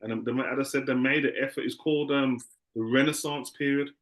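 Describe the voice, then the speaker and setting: A man's voice: medium pitch, fairly even intonation, quick pace, fairly bright tone. A man teaching a class in a loose, conversational way, often repeating himself.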